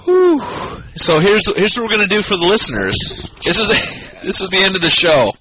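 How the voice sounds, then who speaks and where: Rowdy drunk podcaster, bright voice. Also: male voice, sits high, fairly quick, dull audio, slight background noise. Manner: profane, rambling, loud and excitable. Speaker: podcast co-host. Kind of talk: drunk casual podcast banter. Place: home podcast setup, Michigan.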